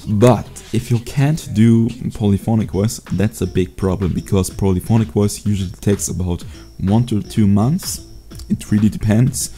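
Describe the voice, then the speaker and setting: A young man teaching a beatbox sound in a casual home video tutorial, relaxed and hesitant, with many fillers. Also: fairly low pitch, normal speed, few pauses, soft background music. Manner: laid-back, hesitant with fillers. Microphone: USB desk mic.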